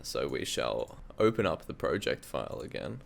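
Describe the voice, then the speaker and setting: With a very deep, gravelly voice at normal speed, this Australian man is highly animated as he shows off his song project from his home studio. The hobby producer's screen-recorded walkthrough is casual, sweary, and self-mocking.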